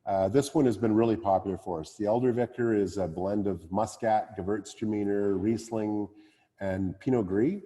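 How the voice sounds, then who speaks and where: Male winemaker, mellow low voice, hesitant casual talk, long reverb around him. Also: normal speed. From Canada. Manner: hesitant, many fillers and restarts. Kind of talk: casual talk at a virtual wine tasting.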